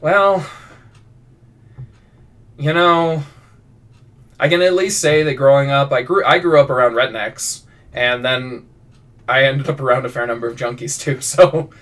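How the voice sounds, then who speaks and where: A fiction writer live-streams his work, speaking in a steady, slightly bright mid-range voice that's unhurried and full of pauses. He meanders through viewer prompts with many restarts and self-deprecating comments. The recording places him somewhat away from the mic.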